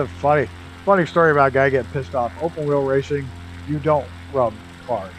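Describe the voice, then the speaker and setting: A man's voice: mid-range voice, moderate pace, a little hiss or hum, poor audio. A man chatting casually while streaming a flight simulator, telling profane racing stories and laughing often.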